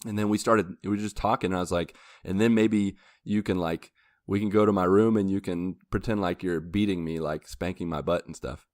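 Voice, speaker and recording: A man's voice: low-pitched, fairly even intonation, brisk, few pauses, a little mellow, dry recording, studio quality. A young man hosting a podcast, telling a long story in casual chat, acting out quotes and laughing along the way. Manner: rambling anecdote with laughs and acted quotes. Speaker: podcast host.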